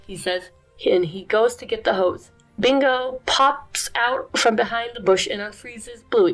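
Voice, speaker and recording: A woman reading a children's book aloud in a gentle, expressive way. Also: on the high side, a little slow, soft background music. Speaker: storybook reader.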